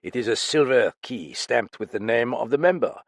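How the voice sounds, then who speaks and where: Man voicing a sharp, probing police official. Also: mid-range voice, gravelly, no echo, studio quality. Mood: pressing. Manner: measured, pressing questions.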